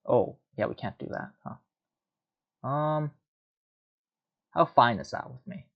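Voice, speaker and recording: A man's voice: mid-range voice, expressive, takes it slowly, vocal fry, dull audio. A man giving casual, rambling commentary while playing a card game, muttering and mocking himself.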